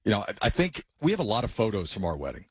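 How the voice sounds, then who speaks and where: A man in a casual chat, rattling off his stories at a rapid clip with eager energy. His voice is lowish and husky. The sound is dry and close. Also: wildly swooping pitch, dry recording. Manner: rapid, enthusiastic storytelling.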